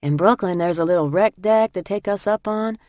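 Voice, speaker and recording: A woman's voice: medium pitch, fairly quick, no room sound, dull audio, pitched above the performer's own voice, natural voice. A woman reading the part of a tough, plain-spoken woman prison inmate. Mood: wistful.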